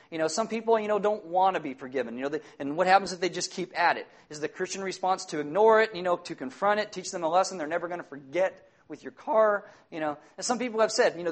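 A man preaching a sermon as pastor, animated, acting out little scenes in exaggerated voices. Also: high-pitched.

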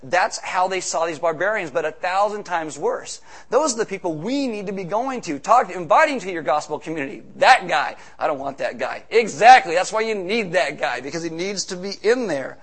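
A man preaching a sermon on stage, animated, with joking asides and shouts for emphasis. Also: sits high, normal speed, hardly any pauses. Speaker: pastor. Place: church stage with slides.

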